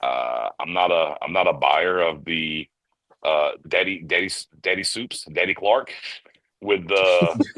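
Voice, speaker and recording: A man co-hosting a casual podcast, giving an animated film review and briefly mimicking characters as he tells it. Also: low-pitched, no room sound, rough recording. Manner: animated storyteller, mimics characters in quick bursts. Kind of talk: casual chat.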